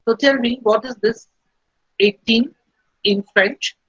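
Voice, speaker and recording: A woman teaching a beginner French lesson, explaining slowly and patiently and repeating each phrase. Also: on the high side, fairly bright tone, slightly rough, no room sound. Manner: slow, patient explaining with repetition. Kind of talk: recorded language lesson. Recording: dull lo-fi recording.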